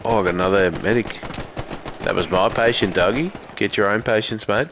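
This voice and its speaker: Aussie streamer, lowish voice, cheeky and profane, medic banter over heavy gunfire noise. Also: male voice, a little fast. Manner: joking, swearing, banters with teammates. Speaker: streamer playing a medic in a war game. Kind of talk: casual gaming chat. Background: loud in-game gunfire and explosions.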